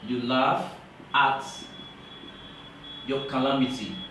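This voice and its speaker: A man teaching English grammar in a classroom lecture, talking slowly and repeating key points for emphasis. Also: mid-range voice, steady tone, bright, forceful tone, a little hiss or hum. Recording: very echoey room, voice from far off.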